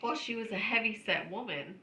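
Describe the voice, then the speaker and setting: A woman's voice: mid-range voice, a little fast, a little hiss or hum. A woman, co-hosting a podcast and telling funny stories with lots of laughter. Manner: animated, laughing storyteller. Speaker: podcast co-host. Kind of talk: casual chat, storytelling. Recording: roomy echo.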